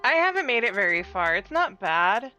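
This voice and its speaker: A woman's voice: mid-range voice, very animated, moderate pace, bright, forceful tone. A woman streamer chatting casually while playing a game, gushing about what she sees. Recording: dull lo-fi with game music.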